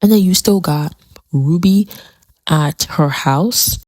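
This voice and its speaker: A woman's voice: fairly low pitch, takes it slowly, a little mellow, no room sound. A woman giving a casual commentary on a TV episode, chatty and dramatic, repeating phrases for emphasis. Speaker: TV show commentator.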